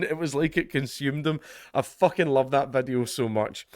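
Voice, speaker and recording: A man's voice: a little high, a little slow, clean tone, no room sound, studio quality. A Scottish man giving casual vlog commentary in a sardonic tone, laughing often as he talks. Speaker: political commentator.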